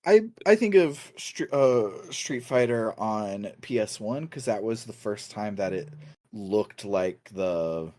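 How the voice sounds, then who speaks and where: A man talks in a relaxed, meandering way as he co-hosts a video game podcast, often laughing. His voice sits a little low, and the recording is close and dry, with no room sound. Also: takes it slowly, no room sound. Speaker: podcast co-host. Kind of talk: casual chat about video games.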